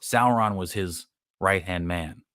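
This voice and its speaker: A man's voice: deep voice, takes it slowly, fairly bright tone, dry recording, studio quality. A man hosting a podcast, giving a casual, blunt, rambling recap with plenty of profanity and filler words. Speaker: podcast host. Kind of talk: casual live-stream episode recap.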